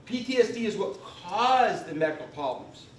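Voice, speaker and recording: A man's voice: high voice, animated, normal speed, distant mic, a little hiss or hum. A man presenting a live class on veterans benefits, folksy and emphatic, often checking in with "okay?". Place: convention meeting room. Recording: echoey room recorded from afar.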